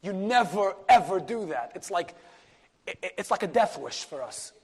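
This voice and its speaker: Rabbi, lively storyteller, somewhat high voice, hushes for the punchline. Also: male voice, normal speed, breathy edge. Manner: animated storyteller, sprinkles Yiddish and Hebrew words, drops to a hush for key moments. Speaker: rabbi and lecturer. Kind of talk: storytelling Torah class.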